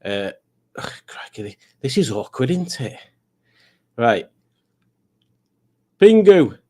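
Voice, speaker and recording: A man's voice: on the low side, lively intonation, unhurried, a little mellow. A man hosting a live stream, chatting casually as he reads out viewer comments, rambling along with wry asides and plenty of fillers.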